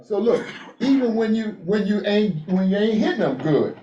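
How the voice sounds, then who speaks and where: A man's voice: high voice, normal speed, roomy sound, muffled recording, slight background noise. A man leading a men's group in a motivational talk, telling stories and calling for responses from the room. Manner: animated storyteller, call-and-response with the room.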